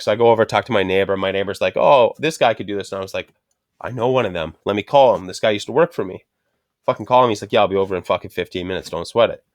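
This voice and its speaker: A man's voice: lowish voice, rapid-fire, no room sound, clean studio sound. A middle-aged man telling a frustrated story in casual chat, swearing constantly and ranting. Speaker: podcast host.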